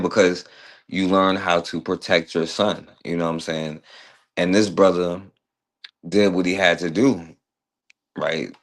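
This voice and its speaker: A man hosting a radio talk show, talking loosely and conversationally, turning to his co-host for his take. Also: low voice. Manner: loose, conversational, asks co-host's view. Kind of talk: casual opinion talk.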